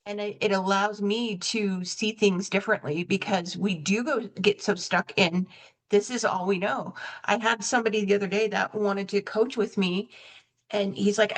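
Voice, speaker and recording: A woman's voice: medium pitch, steady tone, moderate pace. Reflective woman podcast host. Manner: reflective, self-correcting, acts out dialogue in stories. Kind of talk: conversational interview.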